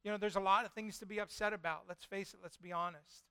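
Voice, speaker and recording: A male pastor preaching a sermon and retelling a scripture story with lively storytelling. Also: high voice, fast talker, smooth, no echo. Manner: lively storytelling, voicing God and Jonah in quotes.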